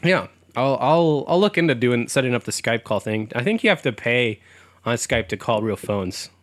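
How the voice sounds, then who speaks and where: A man's voice: medium pitch, expressive, normal speed, no echo. Joking young male podcast co-host. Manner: loose, joking, laughs often, many fillers. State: slightly sick voice. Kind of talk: casual chat.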